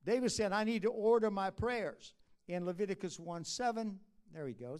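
High-voiced preacher man, conversational. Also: lively intonation. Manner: conversational preaching, rises to emphatic, drops low and soft at asides; halting restarts and drawn-out uh fillers. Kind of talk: sermon. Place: church conference.

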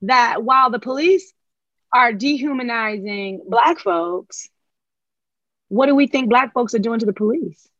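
A woman with a North Carolina Southern accent speaks as a podcast guest, emphatic and passionate, pitched a little high. Her voice comes through a dull, lo-fi recording with a dry, close sound. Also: measured pace, a bit bright, dry recording. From Charlotte, North Carolina. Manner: emphatic, passionate, tag questions. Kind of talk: podcast conversation.

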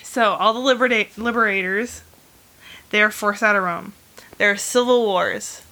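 Bright-voiced woman rambling through a story. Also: mid-range voice, normal speed. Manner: rambling, chatty storytelling full of "like" fillers; animated retelling of history with bursts of humor. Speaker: host. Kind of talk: casual chat.

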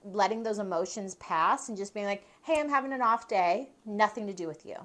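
A woman's voice: mid-range voice, a little fast, a bit bright. A woman hosting a podcast, a hairdresser talking candidly in casual chat, rambling with lots of fillers. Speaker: podcast host.

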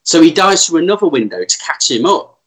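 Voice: mid-range voice, very animated, a little fast, a bit bright. A speaker chatting casually and enthusiastically about action films and asking questions. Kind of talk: casual film chat.

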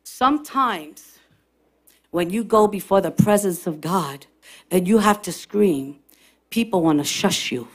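A woman pastor preaching a sermon to her congregation, impassioned and building to shouted, repeated refrains. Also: medium pitch, expressive, measured pace. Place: church service with responding congregation.

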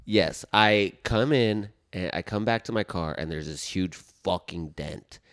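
A man's voice: deep voice, measured pace. A man hosting a comedy podcast, telling stories in casual chat and acting out the people he quotes. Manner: animated storyteller, acts out quotes. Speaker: podcast host.

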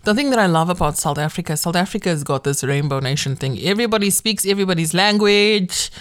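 Emphatic, animated woman from Zimbabwe. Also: lowish voice, fast talker. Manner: emphatic, animated, swears freely. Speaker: podcast co-host. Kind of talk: casual chat.

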